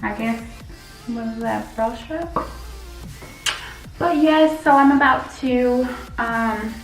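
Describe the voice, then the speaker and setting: Woman beauty vlogger, chatty, unhurried, slightly high voice, echoey room recording. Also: recorded from a distance. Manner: chatty, addresses viewers as y'all. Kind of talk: casual hair tutorial vlog. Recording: echoey room with faint music.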